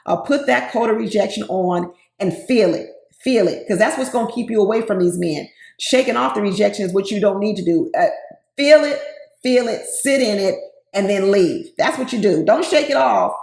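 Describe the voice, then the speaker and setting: A woman's voice: medium pitch, fairly quick, vocal fry, darkish tone. A woman giving casual, opinionated commentary on a reality show, talking straight to her viewers with sass. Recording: roomy echo.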